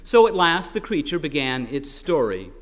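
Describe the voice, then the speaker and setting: A man's voice: on the high side, very animated, normal speed, long reverb tail. A man reading a story aloud with a wry, dramatic delivery.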